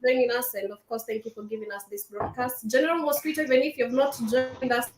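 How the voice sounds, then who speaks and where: A woman taking part in an online talk show, soft-spoken and laughing. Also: on the high side, fairly even intonation, quick pace, roomy sound, noisy background.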